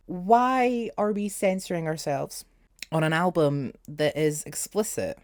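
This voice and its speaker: A man's voice: fairly high pitch, animated, unhurried. A young man talking casually as a music reviewer, sarcastic and exasperated, with jokey asides. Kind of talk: casual album review vlog.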